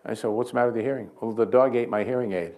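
A man's voice: medium pitch, very fast, darkish tone. A man preaching at a church healing service, mixing folksy stories and jokes with short prayers. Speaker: guest healing evangelist. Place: church sanctuary.

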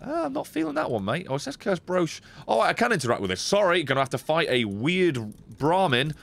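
A man's voice: on the high side, a little fast, vocal fry. Sweary man streaming a game. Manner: sweary, animated, talks to chat. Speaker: streamer playing a card game. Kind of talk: casual gameplay commentary. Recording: faint music behind.

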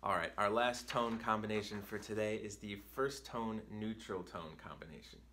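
Speaking at a moderate pace in a lowish, bright and forceful voice, a man teaches Chinese in a video lesson. He explains things patiently, often asking "right?", and raises his voice carefully when reading drill words.

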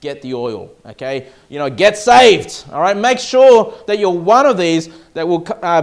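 A male pastor preaching a sermon, emphatic and often checking in with "okay?" and "all right?". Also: a little high.

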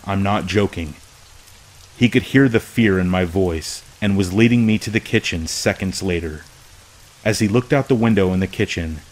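A man narrating a true scary story from a script, in a slow, hushed, measured way. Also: low voice, poor audio.

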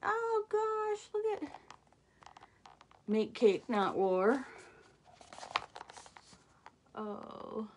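There's a bit of background noise behind this mid-range female voice. In a casual live product walkthrough, the middle-aged speaker guides her audience through craft items, exclaiming and gushing along the way.

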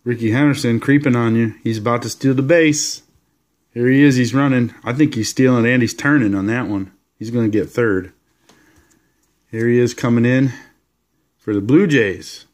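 A man's voice: mid-range voice, moderate pace. Laid-back man chatting over his cards. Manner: relaxed, rambling, enthusiastic asides. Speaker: card collector showing his collection. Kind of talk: casual card-showing vlog.

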